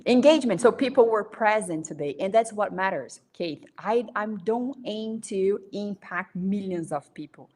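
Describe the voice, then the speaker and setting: A woman's voice: medium pitch, animated, normal speed, hardly any pauses, darkish tone. A woman speaking as a guest in a casual live-stream chat, talking in an earnest, encouraging way.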